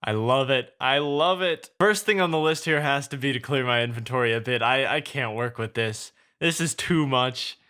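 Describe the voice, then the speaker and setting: A young man giving chatty, excitable gameplay commentary to his viewers as a video creator. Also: medium pitch, moderate pace, hardly any pauses, clear, resonant tone.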